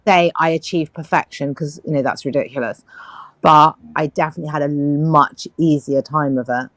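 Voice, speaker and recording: A woman in her fifties with a low voice tells stories in an easygoing chat and acts out the people she quotes. The sound is dry and close, with no room around it. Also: steady tone, moderate pace, a bit bright, no echo. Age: 50s. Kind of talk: casual chat.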